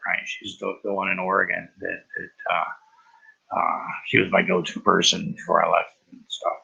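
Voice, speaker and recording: Gravelly, husky man rambling. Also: deep voice, little pitch movement, pushed and bright. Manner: halting, profane, many restarts. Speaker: vlogger. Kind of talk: rambling personal monologue. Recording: dull lo-fi recording.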